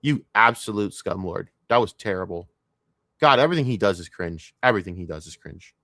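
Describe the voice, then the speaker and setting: A man's voice: on the low side, animated, brisk, sharp tone. Foul-mouthed ranting male streamer. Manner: swears heavily, scornful outbursts. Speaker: streamer reacting to a documentary. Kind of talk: profane ranting commentary.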